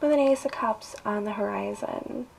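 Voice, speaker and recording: A woman's voice: medium pitch, normal speed, gravelly, a little mellow, slight background noise, rough recording. A woman giving a casual tarot reading in an emphatic, coaxing way, drawing out her phrases. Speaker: tarot reader.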